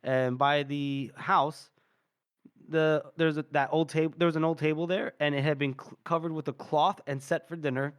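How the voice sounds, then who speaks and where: A man's voice: fairly high pitch, steady tone, clean tone. A man co-hosting a book podcast, casually retelling scenes and acting out the characters' lines between laughs. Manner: retells scenes with quick voiced quotes and laughter. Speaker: podcast co-host.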